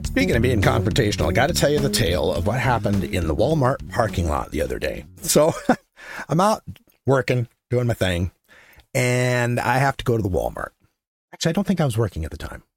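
A man hosting his own show, telling a story in a casual monologue. He is blunt and profane, gets louder and higher as he gets worked up, and laughs between lines. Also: brisk, over loud music. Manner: animated, rising to near-shouting when worked up, laughs between lines. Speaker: podcast host.

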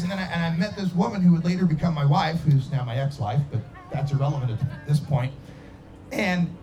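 Middle-aged guy from idaho telling his story, high voice, swings all over, lots of laughs. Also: slight background noise. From Idaho, USA. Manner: animated, acts out voices and sound effects, laughs often. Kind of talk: casual personal storytelling.

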